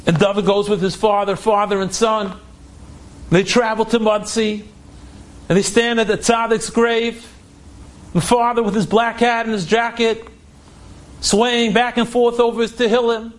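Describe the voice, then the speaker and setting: Very high-voiced male storyteller. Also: level tone, measured pace. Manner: emotive, acts out dialogue, repeats phrases. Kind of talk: dramatic inspirational storytelling.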